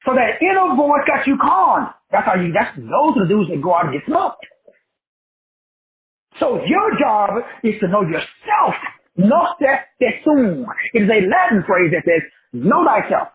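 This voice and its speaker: Animated, slangy man on a tinny line. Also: sits high, unhurried, a little hiss or hum. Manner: animated, slangy and profane, acting out other people's voices. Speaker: life coach. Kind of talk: casual motivational talk. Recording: tinny phone-like sound.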